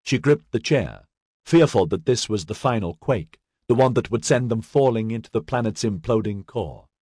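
Here a man with a fairly low voice narrates a sci-fi audiobook, his delivery measured and expressive. It's scripted reading, captured as a dry, clean studio recording.

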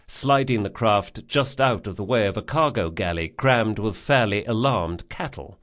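Man narrating a fantasy audiobook. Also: fairly low pitch. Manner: measured, vivid storytelling. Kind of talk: scripted narration.

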